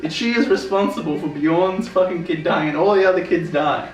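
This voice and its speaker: A man's voice: high voice, moderate pace, recorded from a distance, soft background music. An Australian man co-hosting a podcast, rambling and swearing in casual banter about a show. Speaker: podcast co-host. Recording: roomy room, off mic.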